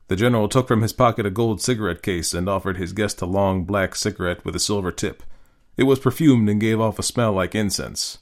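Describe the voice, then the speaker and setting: A man hosting and reading a classic short story aloud in an expressive, varied narrating style. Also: on the low side, fairly quick. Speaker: host and story reader. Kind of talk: scripted narration.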